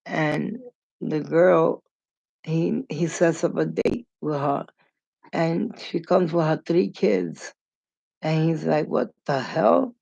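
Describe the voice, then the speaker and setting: A woman's voice: deep voice, fairly even intonation, slow, creaky, warm tone, no room sound. A woman telling rambling stories in a casual vlog, acting out the people in them as she goes. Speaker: storyteller. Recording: dull lo-fi recording.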